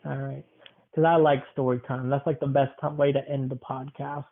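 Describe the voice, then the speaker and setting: A man's voice: medium pitch, level tone, gravelly. A young man hosting a casual podcast, playfully asking his grandmother questions. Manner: playful, asks quick questions. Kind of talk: casual chat. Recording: tinny phone-like sound.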